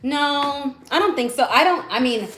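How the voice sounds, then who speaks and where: A woman's voice: high voice, animated, moderate pace, a bit bright, roomy sound, low-quality recording. A woman co-hosting a podcast in casual chat, blunt and playful, often laughing. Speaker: podcast co-host.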